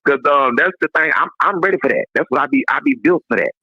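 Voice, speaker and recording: A man's voice: fairly high pitch, fast talker, highs cut off, a crowd in the background. A man in his fifties, a comedian calling in, trading casual comic banter and laughing often. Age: 50s. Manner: laughs often, animated storytelling. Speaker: call-in comedian guest.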